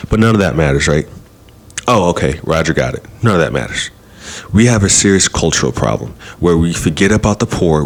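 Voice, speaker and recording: Male podcast host with a very low voice, fired-up and argumentative monologue. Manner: heated, argumentative, rhetorical questions. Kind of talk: opinion rant.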